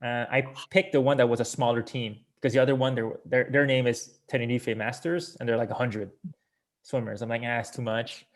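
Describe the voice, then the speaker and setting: A man's voice: mid-range voice, steady tone, brisk. A man from Canada, a guest swimmer telling stories in a rambling, filler-heavy way with chuckles over a video call. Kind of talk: casual conversation.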